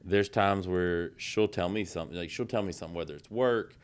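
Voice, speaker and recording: Casting: deep smooth male podcast host, chatty and full of fillers. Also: brisk. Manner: conversational, many fillers such as "like" and "you know". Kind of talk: casual podcast conversation.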